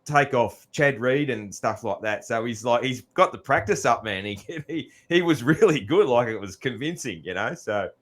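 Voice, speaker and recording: A man's voice: mid-range voice, lively intonation, normal speed, hardly any pauses, fairly bright tone. A middle-aged man with an Australian accent hosting a podcast, chatting casually in a rambling way with frequent laughs. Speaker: podcast host. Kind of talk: casual interview chat.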